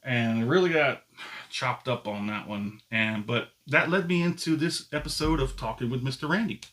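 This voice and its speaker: A man's voice: medium pitch, moderate pace, a bit bright. A middle-aged man hosting his own channel, telling a story to camera in a loose, rambling way that keeps correcting itself. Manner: rambling, self-correcting talk. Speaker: channel host.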